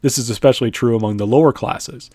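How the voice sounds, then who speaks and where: A man's voice: mid-range voice, quick pace, dark tone, slightly rough, no echo, clean studio sound. A man teaching a history lesson in a conversational lecture style. He often checks in with "right?", uses many "uh" fillers, and sometimes speaks in the voice of the people he describes.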